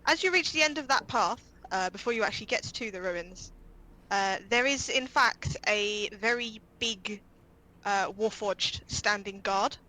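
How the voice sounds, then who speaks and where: Game master, woman, laughs a lot, crisp bright tone. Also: mid-range voice, unhurried, low-quality recording. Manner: giggly, laughs often. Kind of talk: narrating a tabletop game.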